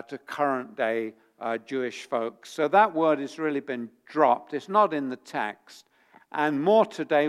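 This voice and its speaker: A man's voice: a little high, clear, resonant tone. A man preaching a sermon, repeating his points and growing heated as he drives them home. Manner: animated, repeats points with rising force. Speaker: pastor.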